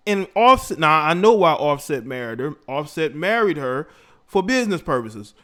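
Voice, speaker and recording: Man, somewhat high voice, argumentative livestream host. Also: big pitch swings, moderate pace. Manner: shouts out viewers, argumentative. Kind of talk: reaction commentary.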